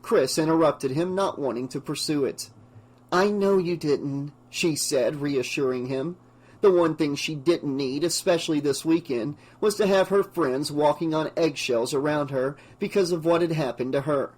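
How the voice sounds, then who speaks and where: A man's voice: a little high, normal speed, a little mellow. Man reading a horror novel aloud. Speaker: audiobook narrator. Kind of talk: scripted narration.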